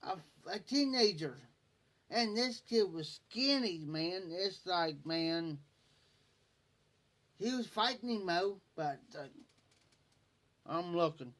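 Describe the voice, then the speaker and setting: A man's voice: high-pitched, lively intonation, takes it slowly, pauses often, a bit bright. A man telling a long, rambling fishing story on a livestream in folksy rural speech, repeating "I said" over and over. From Ohio. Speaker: livestream host. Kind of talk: casual storytelling.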